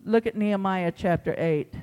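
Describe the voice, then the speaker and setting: High-voiced man preaching in a reverberant hall. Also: moderate pace, clean tone. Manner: impassioned, emphatic preaching with big swings in loudness. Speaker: pastor. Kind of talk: sermon. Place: church sanctuary.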